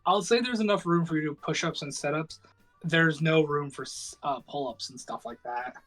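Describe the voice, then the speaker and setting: Male game master, rambling and self-mocking, higher-pitched; soft music bed. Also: normal speed, low-quality recording. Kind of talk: narrating a tabletop game.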